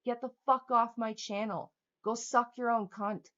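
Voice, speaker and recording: A woman's voice: a little high, fairly even intonation, a little slow, a bit bright. A young woman livestreaming, ranting angrily at her chat in a heated, profane, sarcastic way. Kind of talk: angry livestream rant reading chat. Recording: dull lo-fi stream audio.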